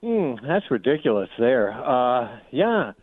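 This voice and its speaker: A man's voice: mid-range voice, very animated, slow pace, no echo. A man calling in to a radio show, chatty and meandering with hesitant fillers. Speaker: caller. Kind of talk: casual chat on call-in radio. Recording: tinny phone line.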